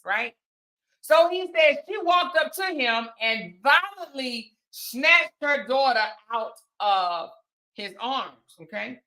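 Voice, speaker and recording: A woman hosting a reaction commentary, talking in a sassy, emphatic, animated way. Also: sits high, slow pace, rough recording. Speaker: commentary host.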